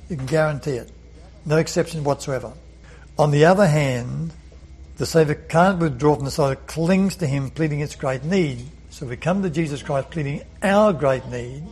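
A man's voice: fairly high pitch, darkish tone, rough recording. A man leading a Bible study lesson, earnest, often repeating words and asking rhetorical questions.

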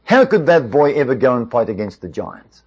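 A moody, gloomy king, as a storyteller puts him on. He sounds dismayed and doubtful, with a mid-pitched voice that stays close to the narrator's own. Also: sing-song, a little fast, a little mellow, breathy edge, highs cut off.

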